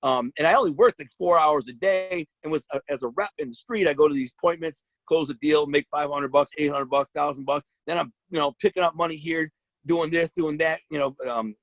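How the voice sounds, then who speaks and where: Gravelly man telling a blunt street story. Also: a little high, brisk, fairly bright tone, no room sound, rough recording. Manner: blunt street talk with slang and restarts. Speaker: guest telling his life story. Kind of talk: casual storytelling.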